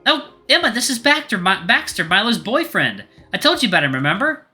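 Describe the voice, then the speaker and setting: A man voicing a cheerful, excitable middle-aged mother in a visual novel read-aloud, talking in a gushing, sing-songy way. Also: high voice, fairly quick, faint music behind, pitched above the performer's own voice, exaggerated voice.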